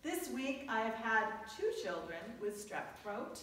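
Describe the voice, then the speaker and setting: A woman's voice: on the high side, very animated, fairly bright tone, a little hiss or hum. A woman pastor preaching a sermon, telling stories with humor and leaning into phrases. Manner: storytelling with humor, drawn-out emphatic phrases. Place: church sanctuary. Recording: echoey church heard from a distance.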